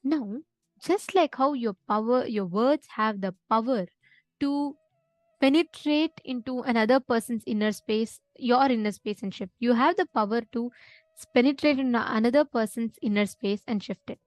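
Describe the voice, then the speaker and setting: Woman instructor, higher voice, dry close sound, patient explainer who checks in with listeners. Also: moderate pace, dry recording. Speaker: spiritual session instructor. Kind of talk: live online teaching session.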